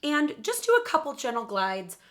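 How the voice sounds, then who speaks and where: A woman vocal coach leading a warm-up lesson at the piano, encouraging and upbeat. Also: high-pitched, big pitch swings, moderate pace, noisy background. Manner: encouraging, upbeat, talks while playing piano.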